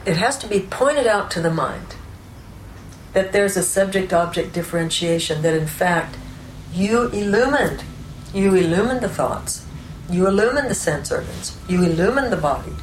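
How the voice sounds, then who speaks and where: A woman giving an unscripted spiritual teaching, explaining ideas calmly and often checking in with "right?" and "you know". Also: mid-range voice, moderate pace. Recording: roomy echo with faint background noise.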